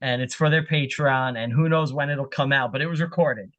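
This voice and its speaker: A man appearing as a podcast guest, talking at length in a lively, casual storytelling way. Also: medium pitch, a little fast, dull audio.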